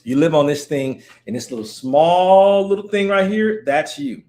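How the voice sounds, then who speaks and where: A man with a slightly higher voice than most talks loosely on a live stream. He rambles, cracks jokes and calls out to viewers by name in a relaxed, offhand way. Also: moderate pace. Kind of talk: casual live-stream chat. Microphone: streaming setup mic.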